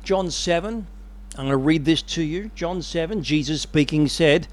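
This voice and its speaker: A man preaching a sermon with animated, dramatic storytelling. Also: fairly high pitch, measured pace.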